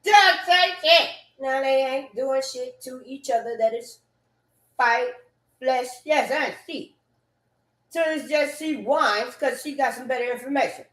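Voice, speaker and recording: A woman talks slowly from her couch at home, her voice sitting a little high. She rambles and repeats herself, swearing freely and flaring into loud bursts. The room around her rings with echo. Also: fairly even intonation. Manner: profane, repetitive, with loud outbursts. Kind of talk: casual rambling talk. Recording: echoey room.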